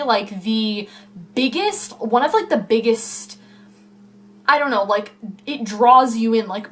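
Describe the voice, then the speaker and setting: A woman's voice: a little high, fairly bright tone. A young woman chatting casually to camera at home in a vlog, rambling and full of fillers. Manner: rambling, filler-heavy, self-interrupting. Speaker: YouTuber. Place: home room.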